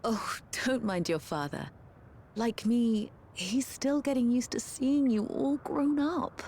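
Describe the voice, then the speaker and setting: An actress voicing a gentle mother in a video game, speaking softly and reassuringly to her grown child. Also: on the high side, takes it slowly, a little hiss or hum. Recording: game dialogue behind a streamer.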